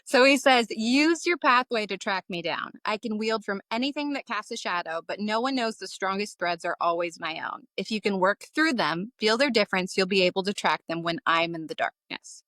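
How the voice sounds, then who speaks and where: Woman podcast co-host, playful and keen, mid pitch, dry close mic. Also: moderate pace, few pauses, pushed and bright, no echo. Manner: teasing, enthusiastic. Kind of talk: casual book-club chat.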